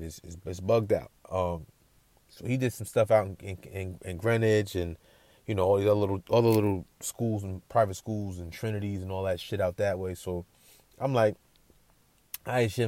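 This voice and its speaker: A man's voice: on the low side, darkish tone, no room sound. Slangy New storyteller man. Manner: slangy, repeats words, keeps checking in with listener. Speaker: podcast storyteller. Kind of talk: casual storytelling.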